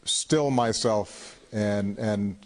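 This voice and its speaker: A man in his fifties answering audience questions at a town hall in a large hall, speaking in a measured, halting way and often repeating words as he thinks. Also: on the low side, a little mellow. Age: 50s.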